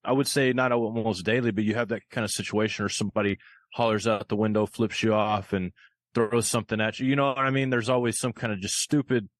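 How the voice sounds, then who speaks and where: A man's voice: on the low side, fairly even intonation, quick pace, no room sound. A man hosting a podcast, chatting casually and rambling with lots of fillers, over a remote call. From rural area of the United States. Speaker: podcast host. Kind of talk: casual chat.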